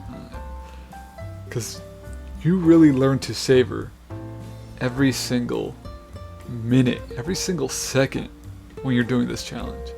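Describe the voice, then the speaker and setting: A man with a mid-range, gravelly voice talks in a loose, casual vlog style. He gets excitable and trips over his own sentence starts. A faint guitar track plays quietly underneath. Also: medium pitch. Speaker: comic artist vlogger. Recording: faint guitar music behind.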